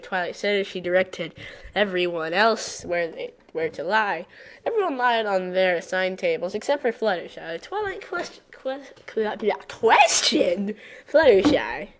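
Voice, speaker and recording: A woman's voice: medium pitch, expressive, moderate pace. A woman reading a fan fiction aloud, breaking off often for exasperated, sarcastic asides. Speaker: story reader.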